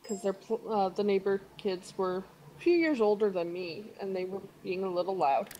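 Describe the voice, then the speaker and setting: A woman telling a childhood story in relaxed casual chat on a live stream. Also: mid-range voice, normal speed, low-quality recording.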